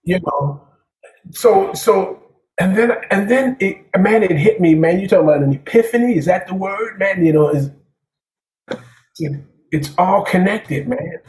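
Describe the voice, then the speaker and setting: A man's voice: high-pitched, expressive, measured pace, darkish tone. A man who plays jazz drums, telling stories in a casual interview, rambling and peppering his talk with "man". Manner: rambling, repeats words, says "man" often. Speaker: jazz drummer guest. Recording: echoey room.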